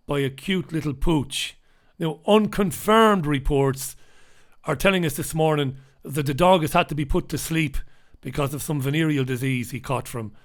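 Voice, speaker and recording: A man reviews the morning papers in a sardonic running commentary. His voice sits a little high for a man. He punches some words loudly and drops others to a mutter, often answering his own remarks. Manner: sardonic, talks back to himself; swings between loud emphasis and muttered asides. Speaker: host reviewing newspapers. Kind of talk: live newspaper review talk.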